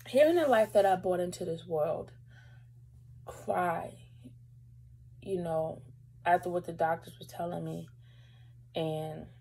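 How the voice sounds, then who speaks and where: A woman's voice: lowish voice, dark tone, slight background noise, low-quality recording. A young woman vlogger telling a personal story to camera in a rambling, casual way, fighting back tears at times. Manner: emotional, holding back tears; rambling, lots of fillers.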